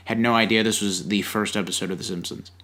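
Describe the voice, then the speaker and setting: A man's voice: fairly low pitch, fairly even intonation, fast talker, bright, forceful tone. A man co-hosting a podcast in casual chat, making wry teasing jokes. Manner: wry, teasing sidekick humor. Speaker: podcast co-host.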